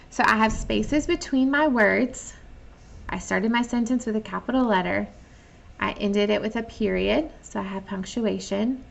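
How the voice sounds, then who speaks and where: A woman teaching young children online, patiently thinking out loud as she checks and fixes her own writing. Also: medium pitch. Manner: reads sample sentences slowly and clearly.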